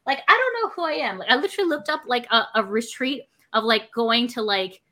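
A woman's voice: fairly high pitch, fairly quick. A woman from Canada chatting casually, swearing and acting out quoted conversations. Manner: animated, swearing, acts out quotes. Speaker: performer and streamer. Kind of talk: casual chat.

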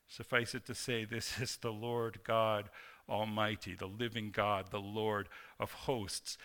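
Bright-voiced preaching man. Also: mid-range voice. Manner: preaching with swelling emphasis and reading scripture aloud. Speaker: pastor. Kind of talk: sermon.

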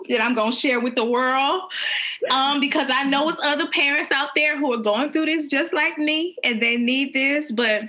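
A woman's voice: sits high, normal speed, bright, forceful tone. A middle-aged woman hosting a candid conversation, openly emotional and laughing as she speaks about parenting guilt. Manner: emotional, open, laughing, admits near tears.

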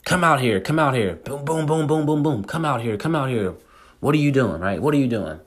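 A man voicing an angry young wife pounding on a door, shouting and repeating herself insistently. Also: fairly low pitch, fairly even intonation, fairly quick, pitched above the performer's own voice, close to an everyday voice. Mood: angry, pleading.

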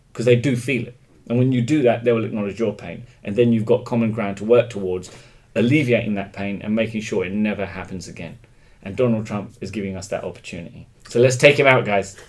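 A man's voice: fairly low pitch, a little fast, a little mellow. An English man speaking as an interview guest, opinionated and emphatic, thinking aloud with frequent restarts in a casual conversation.

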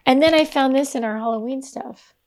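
A woman's voice: high-pitched, fairly quick, darkish tone. A woman co-hosting a podcast in casual chat, rambling and trailing off mid-sentence. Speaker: podcast co-host.

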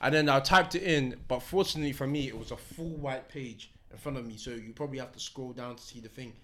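A man's voice: mid-range voice, fast talker, fairly bright tone. A young man telling a story in casual chat among friends, slangy and laughing often.

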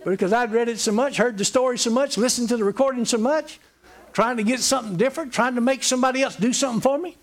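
A man's voice: very high-pitched, fast talker. A man preaching a sermon in an emphatic, folksy way, hammering points home by repeating them.

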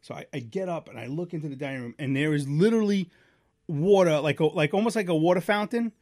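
A man in his thirties co-hosting a podcast, telling a story casually and acting out the voices loudly. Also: fairly high pitch, quick pace, no echo, clean studio sound. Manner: animated, acts out quoted voices loudly. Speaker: podcast co-host.

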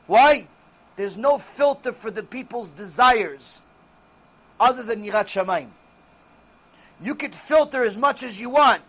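A man's voice: very high voice, lively intonation, unhurried, pauses often, a bit bright, slightly rough. A man giving a Torah lecture as a religious teacher, speaking emphatically and answering his own rhetorical questions.

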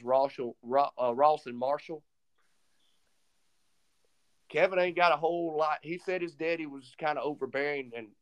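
Casting: male podcast co-host, slightly higher voice, lively storyteller. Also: smooth. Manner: animated retelling, acts out quoted dialogue. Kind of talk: casual storytelling chat.

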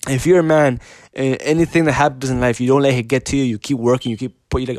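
Male show host, mid pitch, blunt and profane, repetitive, insistent rhetorical questions, dry close sound. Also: fairly even intonation, fast, darkish tone, dry recording. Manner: repetitive, profane, keeps asking "you know what I mean"; blunt and insistent, restarts sentences often. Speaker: podcast host giving dating advice. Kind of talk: casual unscripted monologue.

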